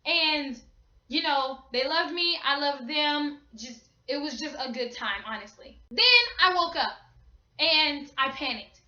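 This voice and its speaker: Young woman vlogger, high bright voice, chatty slangy storytelling, echoey small room. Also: unhurried. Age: young adult. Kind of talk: casual storytime. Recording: echoey room, slightly dull sound.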